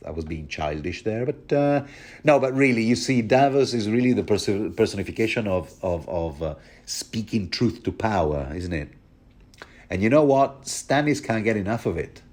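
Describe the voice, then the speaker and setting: A man with a fairly low voice hosting a podcast of book commentary. He talks in a loose, chatty way, cracking jokes and wandering into asides. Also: animated, moderate pace, a little mellow. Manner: jokey, chatty, full of asides. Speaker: podcast host. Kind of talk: casual chapter commentary.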